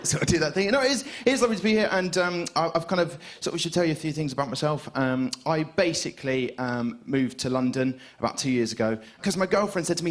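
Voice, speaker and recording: A man's voice: on the high side, quick pace, few pauses. A young man doing a stand-up set on a club stage, rambling and hesitant with lots of restarts. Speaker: stand-up comedian.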